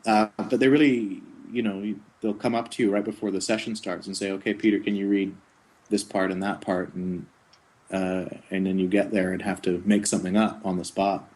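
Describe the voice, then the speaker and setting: A middle-aged voice actor with a lowish voice talks about his work in a casual interview, relaxed and rambling. He chuckles easily through his anecdotes and slips into quick character voices mid-sentence.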